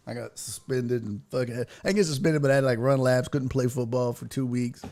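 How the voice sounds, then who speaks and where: Speaking a bit quickly at a medium pitch, this sports talk show host runs a laid-back livestream from headphones and a desk mic. He tells lively, profanity-heavy stories and reads out messages from the chat.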